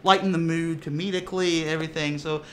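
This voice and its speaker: A man with a somewhat high voice chats easily in an interview about playing in a tabletop game. He often restarts and repeats his words and leans on fillers as he goes. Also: steady tone, fast talker, slight background noise. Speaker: tabletop game player and actor. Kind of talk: casual interview chat.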